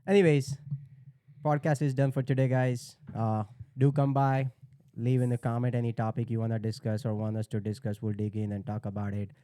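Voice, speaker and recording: A man's voice: mid-range voice, flat delivery, a little fast, dark tone, clean tone, no echo, studio quality. A man hosting a casual podcast chat, joking and laid-back, often calling people "bro". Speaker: podcast host.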